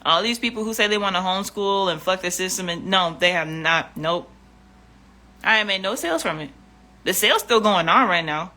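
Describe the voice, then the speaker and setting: A woman's voice: medium pitch, pushed and bright. Blunt, exasperated woman vlogger. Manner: blunt and profane, exasperated, repeats herself. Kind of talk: casual livestream rant.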